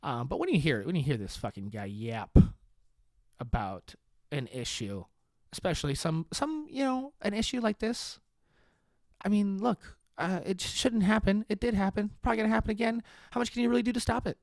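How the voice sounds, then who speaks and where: A deadpan man riffs alone on his podcast. His voice sits a little high, with coarse language and short laughs at his own jokes. The sound is close and dry, with no room echo. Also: moderate pace. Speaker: podcast host. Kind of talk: sarcastic comedic monologue.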